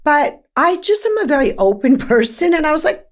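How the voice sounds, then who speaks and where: A woman in her fifties with a New York accent, a therapist speaking as a podcast guest, frank and animated, laughing often and stacking emphatic lists. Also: high-pitched, a little fast. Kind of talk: candid conversational interview.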